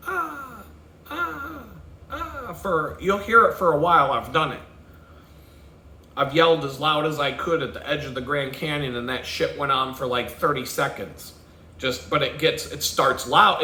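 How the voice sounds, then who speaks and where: A man in a solo rant, his voice bright and sharp and pitched a bit high. He swears freely and jumps into loud shouts, recorded in an echoey room. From Texas. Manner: profane, conspiratorial, swings into loud shouting and mimicked sounds. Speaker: podcast host.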